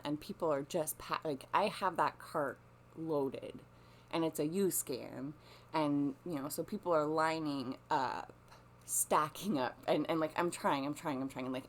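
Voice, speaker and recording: A woman with a fairly low voice tells a story in a loose, casual monologue. She rambles and swears freely, doubling back and restarting her sentences as she goes. A faint hum sits under her voice. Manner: rambling, profane, full of restarts. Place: lives on a small coastal peninsula.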